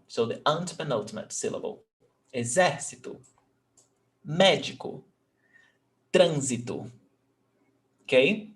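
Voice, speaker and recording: A young man teaching a language lesson, repeating each example word and checking in with "okay?". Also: mid-range voice.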